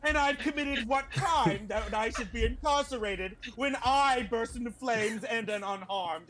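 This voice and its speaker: A man's voice: very high-pitched, a little slow, fairly bright tone. A man playing a vain, flamboyant female bard who protests dramatically. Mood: protesting.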